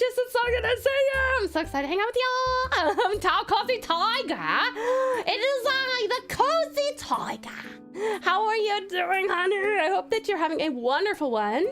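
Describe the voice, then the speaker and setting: A woman's voice: very high-pitched, a bit bright. A woman streamer greeting her chat one by one in an affectionate, doting, bubbly way, with faint music behind. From Australia. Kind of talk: casual live-stream chat.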